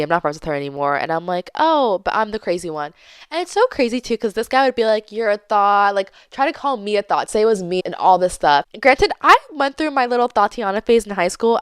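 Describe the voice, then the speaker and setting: A young woman hosting a podcast, telling a dating story in a chatty, dramatic way and acting out the quoted lines. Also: mid-range voice. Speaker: podcast host. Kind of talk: casual storytime monologue.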